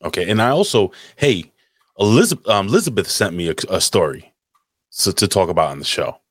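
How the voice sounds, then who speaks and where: Low-voiced profane podcast host. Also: male voice, lively intonation, a little fast, no echo, clean studio sound. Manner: loose, profane banter, reading chat names. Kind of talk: casual live podcast chat.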